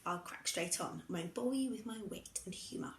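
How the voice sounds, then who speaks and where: A woman's voice: medium pitch, moderate pace. Woman reading a story aloud, roomy echo. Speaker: reader.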